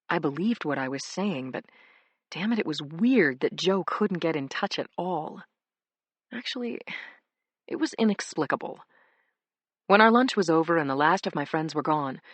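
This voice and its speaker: A woman narrating a first-person crime thriller audiobook in a measured, dramatic way. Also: low voice, no room sound.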